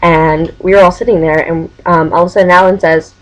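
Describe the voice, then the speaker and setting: A young woman in her college years talks straight into her webcam, chatty and a little scattered as she recaps things for her team. Her voice sits on the lower side, and she drifts into giggles and restarts. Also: fairly even intonation, a little fast, hardly any pauses, rough recording. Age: young adult. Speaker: Quidditch team captain. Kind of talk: casual webcam vlog.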